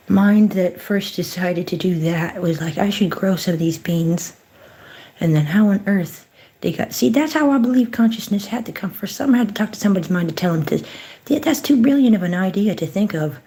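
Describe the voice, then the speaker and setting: A woman hosting a casual livestream, chatting to viewers, giving blessings and greetings, and often dropping into soft whispered asides. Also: medium pitch, moderate pace. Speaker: livestream host.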